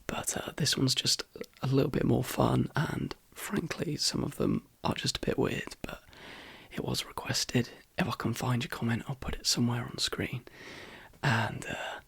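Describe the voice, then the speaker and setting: A man hosting a soft-spoken ASMR video in a croaky, hoarse half-whisper, rambling easily between fillers. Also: mid-range voice, steady tone, normal speed, dry recording. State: hoarse, voice worn out. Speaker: ASMR channel host.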